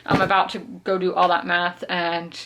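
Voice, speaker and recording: A woman in her 20s from South Carolina chats to camera about the books she's reading, laughing often and talking through what she thinks. Her voice is lowish and fairly bright, with little pitch movement, at normal speed. It's a casual reading vlog from a book vlogger.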